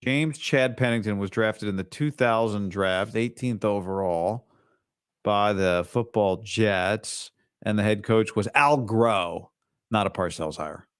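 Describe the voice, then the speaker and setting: A man's voice: fairly low pitch, a little slow, clear, resonant tone, no echo, clean studio sound. A man hosting a sports talk show, reading listener comments and answering them with blunt opinions and sarcastic asides.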